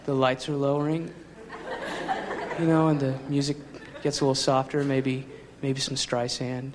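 This stand-up comedian delivers a rambling club routine at normal speed, his mid-range voice flat. Wry, laughing asides punctuate the set, captured live with crowd and noise.

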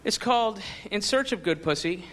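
Man, stand-up comedian, wry rambling delivery, higher voice, noisy live club recording. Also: animated, normal speed. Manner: wry, rambling, with laughing asides. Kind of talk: stand-up routine. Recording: live club with crowd and noise.

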